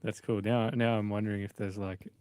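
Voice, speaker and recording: Male co-host, lowish voice, casual storyteller, dry close mic. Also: flat delivery, a little fast, darkish tone, smooth, no room sound. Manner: rambling, storytelling with fillers. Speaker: radio co-host. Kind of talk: casual radio chat.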